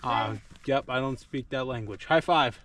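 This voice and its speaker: A farm vlogger repairs equipment while keeping up a casual running commentary, joking and teasing himself as he thinks out loud. His voice is mid-range and a bit bright, at a normal speed. The shop behind him is noisy.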